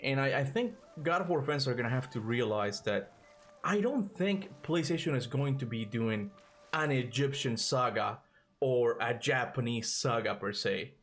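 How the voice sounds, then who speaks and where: A man's voice: mid-range voice, lively intonation, normal speed, fairly bright tone. A man hosting a casual gaming live stream, rambling and interrupting himself, out of breath from climbing stairs.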